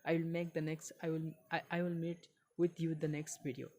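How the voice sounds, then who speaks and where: Woman reading aloud, halting non-native English. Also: low-pitched, level tone, mellow, slight background noise. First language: not English. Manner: halting, repeats phrases, non-native grammar. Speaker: English learning YouTuber. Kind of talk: reading a book aloud with language lesson.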